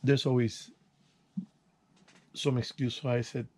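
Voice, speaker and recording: Older man with a mellow, rambling voice. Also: little pitch movement, slow pace. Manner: rambling, folksy, with restarts and sound words like "boom". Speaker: channel host. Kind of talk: casual vlog storytelling while working.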